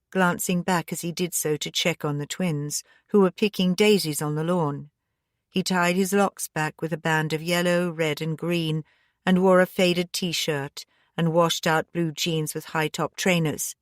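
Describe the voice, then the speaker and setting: A woman narrating a mystery audiobook in a steady, measured manner. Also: lowish voice, dry recording, clean studio sound. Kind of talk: scripted narration.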